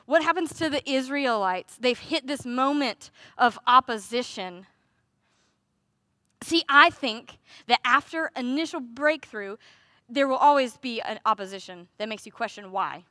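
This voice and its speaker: A woman delivers a sermon in a high, bright voice. She talks conversationally, with rhetorical questions and lively asides. The sound is close and dry. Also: measured pace, dry recording. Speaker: preacher.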